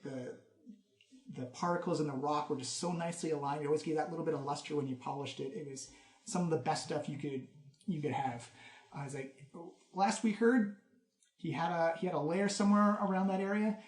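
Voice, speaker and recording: Animated male game master, roomy echo. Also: a little high, fast. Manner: animated storyteller, lively descriptions. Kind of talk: narrating a tabletop game.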